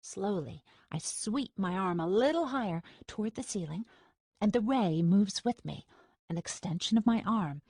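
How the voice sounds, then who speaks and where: A woman reading a first-person audiobook in a steady, measured storytelling manner. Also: mid-range voice, breathy edge, dry recording. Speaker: audiobook narrator. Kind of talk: scripted first-person narration. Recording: dry studio recording.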